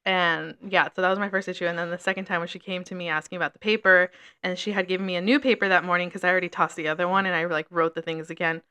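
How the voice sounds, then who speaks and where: A young woman co-hosting a casual chat, telling a work story in a lively way and swearing often. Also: on the low side, very fast, clear, resonant tone. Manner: animated storytelling with frequent swearing. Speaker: podcast co-host.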